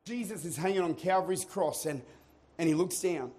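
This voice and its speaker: A male pastor delivers a sermon in a church. His voice sits fairly high for a man. He moves from calm, hushed passages to booming, shouted exhortation. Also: moderate pace. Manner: builds from quiet teaching to shouted preaching. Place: church auditorium.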